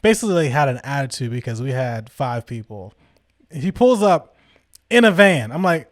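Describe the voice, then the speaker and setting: A man vlogging, telling a story casually in animated, slangy talk and acting out the people he quotes. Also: fairly high pitch, moderate pace, no echo, clean studio sound.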